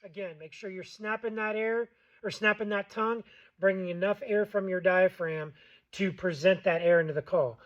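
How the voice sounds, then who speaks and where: High-voiced man teaching goose calling. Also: steady tone, moderate pace, lo-fi sound, very noisy. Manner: plainspoken, loose, repeats himself with fillers. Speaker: goose call instructor. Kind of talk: casual how-to tutorial.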